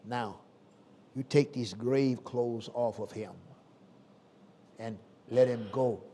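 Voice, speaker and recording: A man preaching who voices a calm, commanding miracle worker in a soft, low tone. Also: slow, a little hiss or hum, natural voice.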